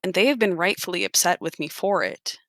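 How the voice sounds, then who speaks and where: A woman's voice: lowish voice, animated, fairly quick, a bit bright, dry recording. A woman voicing a formal, earnest male cleric who speaks in stiff, old-fashioned phrases.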